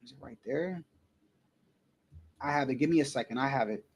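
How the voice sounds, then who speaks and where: A man's voice: mid-range voice, normal speed, breathy edge. A man giving casual, heated commentary, profane and repeating himself as he rants. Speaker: boxing commentary streamer.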